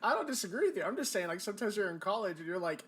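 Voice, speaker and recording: A man's voice: sits high, big pitch swings, rapid-fire, fairly bright tone, husky. A young man in his twenties, co-hosting a podcast and playfully arguing his point. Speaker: podcast co-host. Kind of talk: casual podcast banter.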